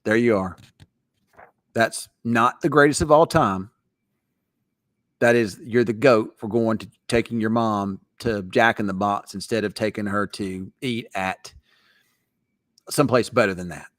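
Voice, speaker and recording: Weather host, casual late-night chat, rambling and teasing, low dry voice. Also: male voice, a little slow, long pauses, a bit bright, no room sound.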